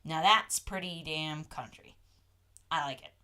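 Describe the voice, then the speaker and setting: A woman hosting a casual livestream, answering chat in a slow, halting way with frequent restarts. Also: low voice, sharp tone. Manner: slow, halting, restarts often, talks to her dog between comments. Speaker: livestream host reading chat.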